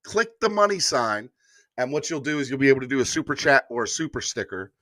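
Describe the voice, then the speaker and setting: A man's voice: mid-range voice, big pitch swings, quick pace, bright, forceful tone, no echo, studio quality. A man hosting a live-streamed sports morning show, hyped and repeating calls to like and subscribe. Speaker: sports podcast host.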